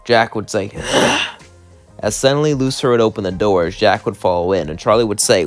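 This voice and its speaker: A man's voice: lowish voice, normal speed, soft background music. A man narrating a fan-made what-if story in a casual, rambling way, stringing clauses loosely together.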